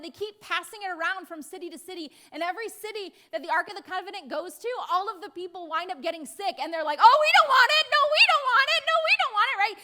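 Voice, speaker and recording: A woman's voice: very high voice, pushed and bright. An American woman pastor preaching a sermon in a playful way, acting out voices now and then. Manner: playful, acts out voices with laughs.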